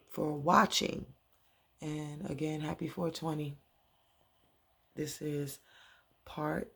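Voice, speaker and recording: A man's voice: mid-range voice, vocal fry. A man casually recapping a TV episode, rambling along with many fillers and restarts. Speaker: TV recap vlogger.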